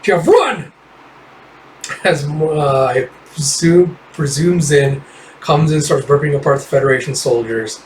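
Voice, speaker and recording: A man's voice: fairly high pitch, steady tone, measured pace, roomy sound, distant mic, a little hiss or hum, poor audio. A man casually reading through a comic book, summarizing panels in a rambling, offhand way with fillers and swearing.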